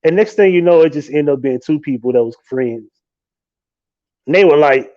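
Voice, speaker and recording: Man, live-stream host, casual rant, animated and profane, slightly high voice, dull lo-fi audio. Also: moderate pace, pauses often. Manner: animated and profane, with frequent laughs.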